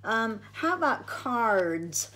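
A woman's voice: on the high side, big pitch swings, extremely slow, bright, forceful tone, a little hiss or hum, voice pushed up, heavily acted. A woman voicing a nervous, jumpy young boy in a storybook reading. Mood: worried.

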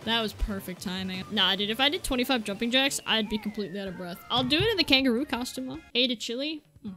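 A woman giving excitable gameplay commentary, yelping and cracking crude jokes. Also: a little high, quick pace, hardly any pauses, faint music behind. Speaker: gaming YouTuber.

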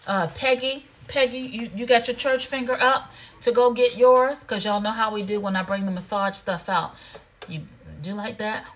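A woman's voice: fairly high pitch, fairly even intonation, moderate pace, fairly bright tone. A woman hosting a live shopping show, chatting casually with viewers while demoing a product, playful and full of "y'all" and "honey". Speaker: livestream shopping host. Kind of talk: casual product demo chat.

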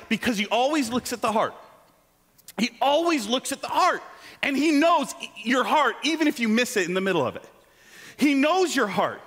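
A man preaching a sermon in a church, animated and joking, with self-deprecating asides. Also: very high-pitched, big-room sound. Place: church sanctuary.

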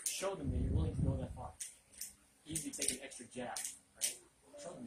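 A man's voice: medium pitch, fairly quick, pauses often. A man preaching an interactive Bible lesson, asking listeners questions and repeating their answers back. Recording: echoey room, distant mic, loud noise.

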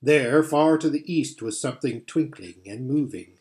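A man narrates a children's storybook in a steady, measured read. His voice sits at a middle pitch and keeps an even pace, with the odd slip along the way. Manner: measured, steady reading with occasional slips. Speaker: audiobook reader.

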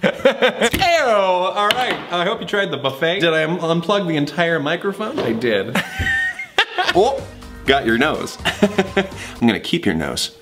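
A young man clowning through outtakes, his pitch leaping all over the place as he giggles and tries out silly voices. He talks slowly and drawn out. Music plays clearly behind him. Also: sing-song. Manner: goofy, giggly, breaks into laughter; playful voice switching. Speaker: web series actor. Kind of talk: blooper reel chatter.

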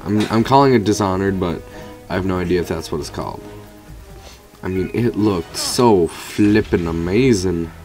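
A man's voice: low-pitched, normal speed, darkish tone, faint music behind. A man giving rambling let's play commentary over a video game, swearing casually at it. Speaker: gamer commentator.

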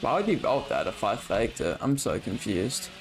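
A man's voice: fairly low pitch, sing-song, normal speed, a little hiss or hum. A young man streaming a horror game, chatting loosely and swearing as he plays. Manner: loose, profane banter with chat and opponent. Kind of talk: casual gaming chat.

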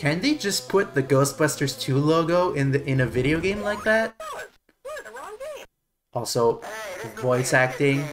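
A streamer playing a retro video game gives live commentary in a fairly high, animated voice, a little slow with long pauses. Under stress he mutters and curses to himself, tossing in wry, self-mocking asides.

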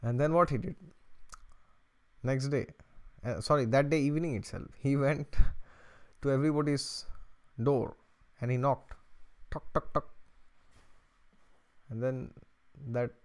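A man's voice: mid-range voice, a little slow, a little mellow, clear, resonant tone. A man hosts an astrology channel and talks straight to his viewers in a loose, chatty way. His voice sits in a middle register, and he often breaks into little chuckles as he tells a story. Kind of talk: casual storytelling to camera.

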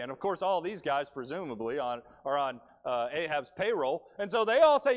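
Lively high-voiced preacher. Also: male voice, brisk. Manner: animated storytelling, dry humor. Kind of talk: sermon. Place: church.

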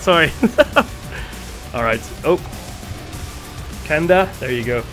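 Man, live game streamer, excitable, slightly strained voice, high pitch. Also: takes it slowly, pauses often, soft background music. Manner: excitable, thanks viewers for gifts.

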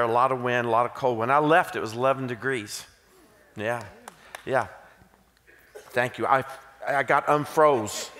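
Here a guest speaker from Kentucky, Southern accent and all, preaches to a church, slipping in jokes and self-deprecating stories for folksy humor. His medium-pitched voice is a bit bright, with a little hiss or hum and long reverb from the auditorium.

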